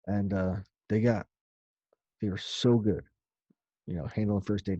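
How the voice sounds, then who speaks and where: Deep voice, mellow tone, man, loose rambling personal story, some swearing, dry dull lo-fi recording. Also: steady tone, measured pace, pauses often, slightly rough, dry recording. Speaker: storyteller recounting his own accident.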